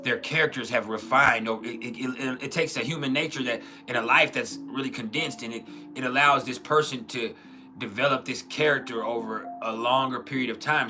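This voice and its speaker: A man hosting a casual livestream, rambling, often restarting his sentences and reading out chat comments. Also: mid-range voice. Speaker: livestream host.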